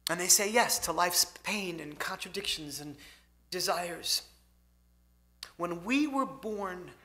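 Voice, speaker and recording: A man giving an inspirational talk to a congregation in a synagogue hall, swinging between loud emphasis and hushed softness. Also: high voice. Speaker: motivational speaker.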